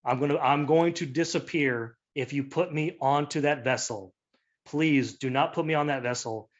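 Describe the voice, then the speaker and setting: A man voicing a desperate woman admiral on the run in a tabletop game, speaking low and quiet as she pleads. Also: moderate pace, dull audio, close to an everyday voice. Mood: pleading. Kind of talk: improvised tabletop role-play voicing.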